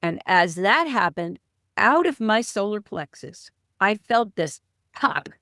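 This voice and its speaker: A woman's voice: mid-range voice, big pitch swings, takes it slowly, bright, forceful tone, dry recording. Woman telling a vivid story, dry sound. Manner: clears throat now and then. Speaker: spiritual teacher, guest. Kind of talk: personal storytelling in an interview.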